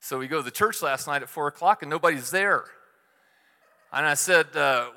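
A middle-aged man preaching a sermon, telling stories in a relaxed, conversational way with self-deprecating humor. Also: fairly high pitch, moderate pace, big-room sound. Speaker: church speaker.

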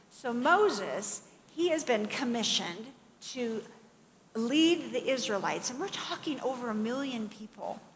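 A middle-aged woman preaching a sermon in a conversational, animated way, with asides and acted-out quotes. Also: mid-range voice. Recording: long hall reverb, faint background noise.

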